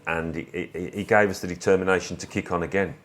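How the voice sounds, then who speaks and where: Low-voiced English man telling football stories. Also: fast talker. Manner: relaxed, anecdotal, with frequent small restarts. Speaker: interview guest, former footballer. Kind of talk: reflective conversational storytelling.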